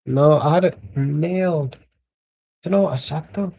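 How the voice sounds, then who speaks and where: A young man talks his way through a live football match for his stream, wandering off into jokes and asides. His voice sits a touch high for a man. It has a gravelly, husky edge and a dark, mellow tone. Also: normal speed, no echo, rough recording. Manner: rambling, joking banter with asides. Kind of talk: casual live match commentary.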